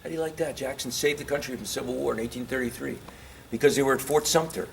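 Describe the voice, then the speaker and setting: Speaking fast in a gravelly, mid-range voice, a man gives an informal history lecture to a live audience, repeatedly quizzing listeners and growing impassioned about his points. There's a little hiss or hum on the recording.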